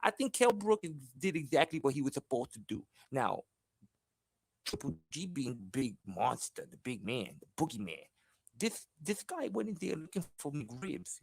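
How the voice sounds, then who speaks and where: A man doing a comedic impression of a famous boxer, rambling and excitable. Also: gravelly, no room sound. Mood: excited. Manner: rambling, high-pitched, rapid run-on talk.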